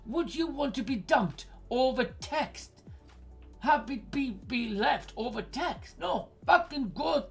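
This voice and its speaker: A woman's voice: sits high, lively intonation, slow, gravelly, faint music behind. A woman in her forties hosting an advice stream, blunt and swearing freely as she rants at a listener. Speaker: advice show host.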